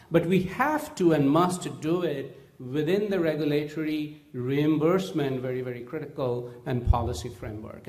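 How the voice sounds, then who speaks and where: Male symposium speaker, voice sits a bit high, earnest and halting, roomy hall sound. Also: darkish tone. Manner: earnest, many hesitant fillers and restarts. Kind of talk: scientific conference talk. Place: conference room. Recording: echoey conference hall.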